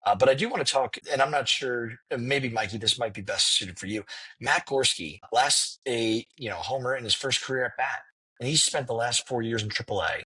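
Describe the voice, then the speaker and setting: A man's voice: mid-range voice, bright, forceful tone, slightly rough, rough recording. A man hosting a casual sports podcast, steering the talk from topic to topic. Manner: runs the agenda, quick topic jumps. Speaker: podcast host.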